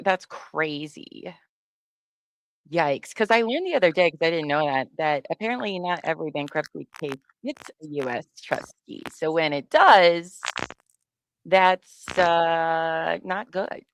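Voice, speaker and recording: A woman's voice: sits low, no room sound. A woman hosting a livestream, talking casually and chattily with frequent exclamations. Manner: chatty, exclaiming, laughs often. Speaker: livestream host. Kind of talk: casual commentary chat.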